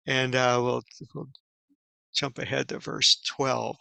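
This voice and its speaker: Guy doing a laid back bible lesson, lots of ums and restarts, kinda gravelly. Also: mid-range voice, flat delivery, bright, forceful tone, no room sound, low-quality recording. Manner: casual, halting, many fillers and restarts. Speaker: Bible teacher. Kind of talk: informal Bible study talk.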